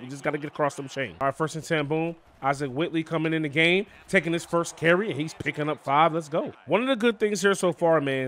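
Hyped young man calling his own game. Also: a little high. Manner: hyped, talks to viewers as "boys", bursts of excitement. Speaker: gaming channel host. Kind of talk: casual play-by-play gaming commentary.

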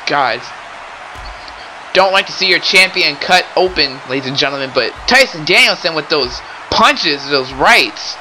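A young man doing excitable play-by-play wrestling commentary, often exclaiming and addressing the audience. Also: a little high, measured pace, a little hiss or hum, poor audio. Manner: excitable, keeps exclaiming and saying ladies and gentlemen.

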